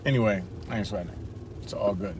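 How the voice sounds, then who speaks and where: A married father talking casually to his viewers in a relaxed, slangy, chatty motivational vlog. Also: on the low side, fast, noisy background. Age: adult with wife and kids. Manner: laid-back, slangy, chatty. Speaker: vlogger. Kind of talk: casual motivational talk to camera.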